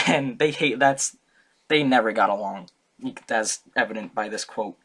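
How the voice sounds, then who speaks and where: A man's voice: on the low side, unhurried, fairly bright tone, husky. A young man giving a casual, comic student talk, rambling, joking and correcting himself as he goes. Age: young adult. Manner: rambling, jokey, self-correcting. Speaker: student presenter.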